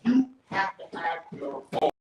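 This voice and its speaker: A man's voice: high-pitched, a little slow, muffled recording. A man in his fifties on a barbershop panel, rambling through family stories with many restarts and laughs. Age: 50s. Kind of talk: casual panel talk. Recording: echoey room, distant mic, noisy.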